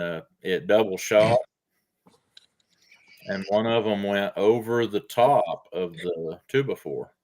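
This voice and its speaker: A man telling a slow, halting story in casual chat. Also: fairly low pitch, a bit bright.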